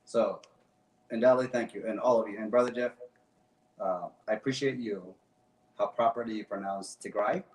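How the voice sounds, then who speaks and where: A guest activist on a talk show gives an impassioned speech, his fairly low, darkish voice moving at a moderate pace with frequent pauses. He is passionate and emphatic, repeating phrases, and he sounds distant in a roomy space.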